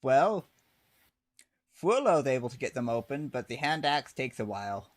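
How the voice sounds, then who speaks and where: A man's voice: mid-range voice, big pitch swings, moderate pace. Man narrating as game master.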